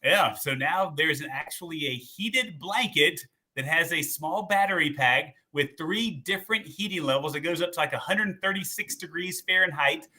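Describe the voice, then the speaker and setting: A man's voice: on the high side, moderate pace, hardly any pauses, pushed and bright. A man hosting a casual live stream, upbeat and promotional, chatting with a co-host and reading out viewer comments. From Texas.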